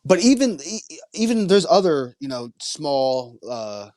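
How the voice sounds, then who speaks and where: A man's voice: a little high, very animated, measured pace, mellow, dry recording. A man co-hosting a late-night fan podcast, rambling in casual slang and stuttering as he talks. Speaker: podcast co-host.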